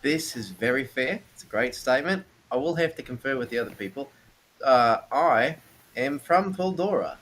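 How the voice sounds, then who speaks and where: Lively-voiced man playing a tabletop game. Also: medium pitch, moderate pace. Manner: playful, laughing in character. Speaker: player. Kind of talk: tabletop role-play.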